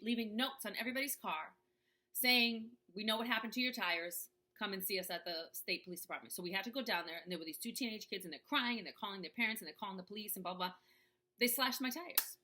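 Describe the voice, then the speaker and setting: A woman's voice: medium pitch, fast talker, sharp tone. A woman coaching viewers in a casual talk to camera, checking in with "right?" as she goes. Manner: conversational, often asks "right?".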